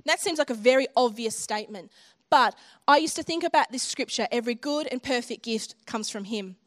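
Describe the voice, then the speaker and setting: Lady preaching at church, earnest and pleading, kinda high voice. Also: brisk. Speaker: church speaker. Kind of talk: sermon with altar call.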